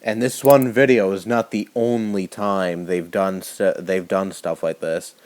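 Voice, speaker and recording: A young man delivering an indignant rant to camera, swearing often and halting with fillers and restarts. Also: low-pitched, fairly even intonation, darkish tone. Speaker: YouTuber. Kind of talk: angry rant vlog.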